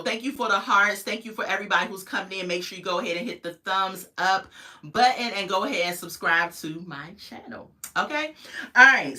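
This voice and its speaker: A young adult woman hosts a casual live review stream, chatting with viewers as they drop in and laughing easily. Her voice is bright and sharp, and her pitch jumps around with animated energy. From United States. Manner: chatty, greets viewers in the chat, laughs often. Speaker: host of a live reality-show review stream. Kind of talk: casual livestream commentary.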